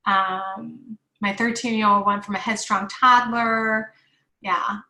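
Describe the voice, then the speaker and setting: Bright chatty woman in an echoey room. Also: mid-range voice, fairly even intonation, slow. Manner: chatty, reassuring, answers viewer questions, frequent fillers. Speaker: parenting workshop host. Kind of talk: live online workshop Q&A.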